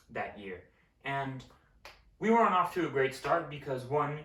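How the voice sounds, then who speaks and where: A man's voice: medium pitch, fairly bright tone, recorded from a distance. A young man telling a school story in a casual vlog, exasperated and swearing freely. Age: young adult. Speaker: vlogger. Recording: roomy echo, set back from mic.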